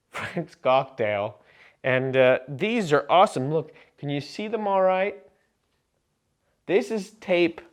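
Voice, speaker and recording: A man vlogging to camera in a rambling, absurd comic monologue full of fillers and deadpan jokes. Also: medium pitch, smooth.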